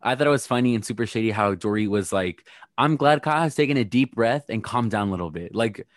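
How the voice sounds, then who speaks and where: A man's voice: medium pitch, animated, fast talker, dry recording, clean studio sound. Man dishing gossip with blunt shade. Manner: gossipy, blunt, playfully shady. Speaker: podcast co-host recapping reality TV. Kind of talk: casual chat.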